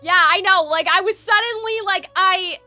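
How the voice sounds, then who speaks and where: A woman's voice: very high-pitched, moderate pace, pushed and bright. A young woman streamer reacting emotionally to a game, gushing with lots of fillers. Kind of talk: casual live reaction commentary. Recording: game audio playing behind.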